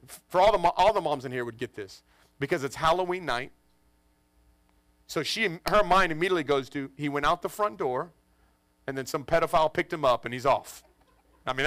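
Bright-voiced joking pastor man. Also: fairly high pitch, no room sound. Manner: animated, joking, acts out family voices. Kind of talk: storytelling sermon. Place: church in front of a congregation.

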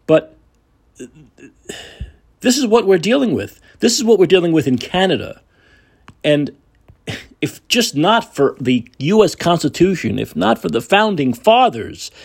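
A man's voice: fairly high pitch, gravelly, darkish tone, husky. A man hosting a political talk show, delivering a combative, sarcastic monologue with profanity. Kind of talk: opinionated monologue.

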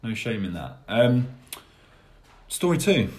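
A man's voice: medium pitch, very animated, slow, darkish tone. A young man hosting a podcast, chatting in a rambling, jokey and self-deprecating way. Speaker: podcast host. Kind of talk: casual chat.

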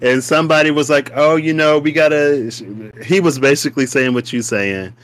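A man co-hosting a casual spiritual chat, animated and playful, laughing often as he talks. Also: fairly high pitch, normal speed, no echo. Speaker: podcast co-host.

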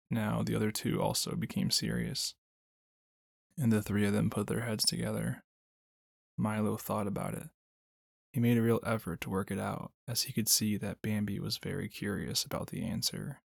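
A man narrating a children's storybook at a steady, measured pace. His low voice is gravelly and husky, and the recording is dry and close with no room sound. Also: dry recording. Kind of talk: storybook reading.

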